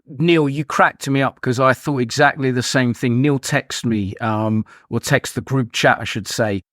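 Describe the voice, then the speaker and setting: A man hosting a casual podcast chat, chatty and loose with lots of "like" fillers. His voice sits at an ordinary middle pitch. The sound is dry and close. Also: a little slow, fairly bright tone, no room sound. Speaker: podcast host.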